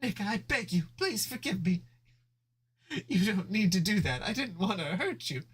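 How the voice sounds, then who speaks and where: A man voicing an emotional female bunny cop in a comic read-aloud, pleading in a high, strained voice. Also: animated, moderate pace, fairly bright tone, breathy edge, exaggerated voice.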